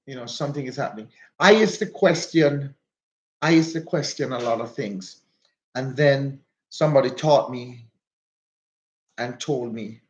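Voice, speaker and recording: A man's voice: medium pitch, measured pace. A man with a Jamaican accent hosting a casual livestream while out walking. He chats, repeats himself and greets viewers by name. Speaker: livestream host. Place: walking outdoors.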